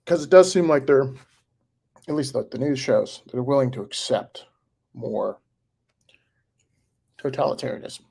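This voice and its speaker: A man's voice: medium pitch, animated, a little slow, vocal fry, long pauses, darkish tone, slightly rough. A man in his forties talking casually on a live stream, answering viewer comments in a rambling way with fillers and chuckles. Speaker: livestreamer reading viewer comments.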